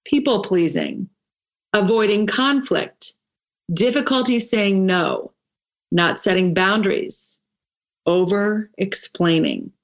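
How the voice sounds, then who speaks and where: A woman coach giving a motivational talk, emphatic and punchy, with dramatic pauses and playful asides, leading a breathing exercise. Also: mid-range voice. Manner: leads a guided breathing exercise. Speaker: women's coach.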